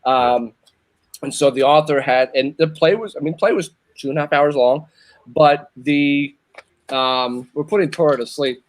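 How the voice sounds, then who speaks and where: Rambling higher-voiced man telling a story. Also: moderate pace. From Northern Virginia. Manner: rambling, repeats himself, restarts. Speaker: show host. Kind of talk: casual storytelling chat.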